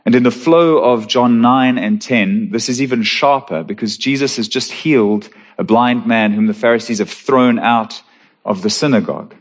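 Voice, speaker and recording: A man preaching a sermon as pastor, reading scripture and praying, in an earnest and emphatic manner with slow, stressed phrases. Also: medium pitch.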